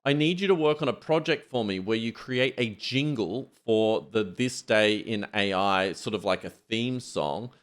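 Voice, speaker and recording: A man's voice: fairly low pitch, normal speed, hardly any pauses. Playful male podcast host. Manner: playful, directing. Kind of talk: casual podcast chat.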